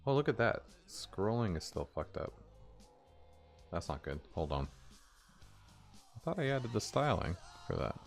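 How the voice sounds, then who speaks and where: Low-voiced man muttering through code. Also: sing-song, unhurried, pauses often, soft background music. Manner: muttering to himself, casual swearing. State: hoarse. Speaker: indie game developer streaming. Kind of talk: casual live coding stream.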